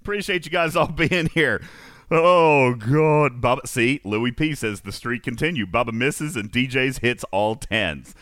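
A man's voice: mid-range voice, measured pace, fairly bright tone, dry recording, clean studio sound. A man hosting a podcast, reading comedic news bits and chatting, often laughing through his own jokes. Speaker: podcast host.

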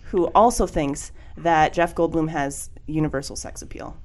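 A woman's voice: low-pitched, normal speed. A woman co-hosting a podcast, chatting enthusiastically and giggling as her thoughts trail off. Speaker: podcast co-host. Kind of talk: casual comedic chat.

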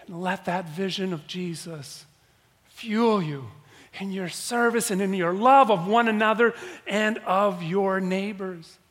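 A man preaching a sermon as a pastor, emphatic, repeating key phrases with dramatic pauses. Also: high voice, fairly bright tone, in a large hall.

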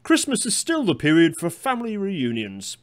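Brief: stately Victorian railway boss declaiming a formal statement, put on by a man, raised pitch. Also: huge pitch swings, normal speed.

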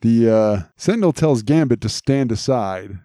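A man's voice: medium pitch, animated, normal speed, warm tone, no room sound, studio quality. A man co-hosting a podcast, casually recapping a cartoon episode, laughing often and quoting lines. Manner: laughs often, recounts scenes with quoted lines. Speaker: podcast co-host.

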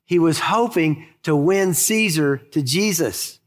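A high-voiced male pastor delivering a sermon in a hall with a long echo. He preaches with emphasis, drawing out key phrases and then rushing through light asides. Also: animated. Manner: emphatic, storytelling preacher, shifts between slow stress and quick asides.

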